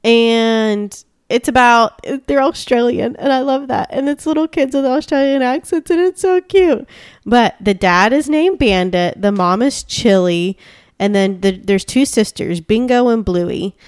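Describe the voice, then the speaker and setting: A woman's voice: on the high side, measured pace, clean tone, no room sound, clean studio sound. A woman co-hosting a casual chat show, gushing and chatty with lots of fillers and restarts.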